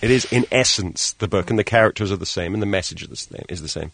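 Fast-talking Scottish man, lowish voice. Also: creaky, fairly bright tone, slight background noise. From Scotland. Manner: halting, repeats words. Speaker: film director guest. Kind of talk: casual radio interview.

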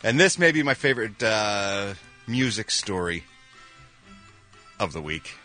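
Lively, animated male radio host. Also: lowish voice, soft background music. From Philadelphia. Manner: animated, jokey, with quick sound-effect interjections. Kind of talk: morning radio entertainment news. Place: radio studio.

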